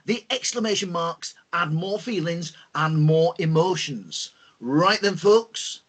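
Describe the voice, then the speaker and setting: Man, online lesson host, high-pitched, husky, lively teacher manner. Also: normal speed, faint music behind. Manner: lively, expressive teacher talk with fillers. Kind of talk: online lesson for school pupils.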